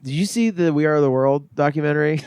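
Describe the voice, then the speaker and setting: Casting note: a male comedian guest, slightly high voice, wry asides, dry close mic. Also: brisk, a little mellow, smooth, no room sound. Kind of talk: casual chat.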